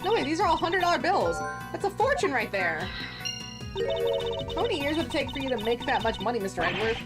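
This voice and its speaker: Une jeune acolyte enthousiaste et curieuse, au débit bavard et à la voix haute et claire, lue par une femme, sur une musique de jeu vidéo bien audible. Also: female voice, high voice, sing-song, fast talker. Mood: eager. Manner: bright, chatty and eager. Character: eager young female sidekick, cheerful and curious. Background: game music.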